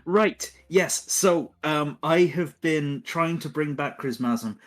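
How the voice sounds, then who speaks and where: A man voicing a towering, harried male Christmas boss, attempting an Irish accent that slips into West Country, talking in a hurried, bossy, exasperated way. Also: on the high side, faint music behind, voice pushed up. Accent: attempted Irish slipping into West Country.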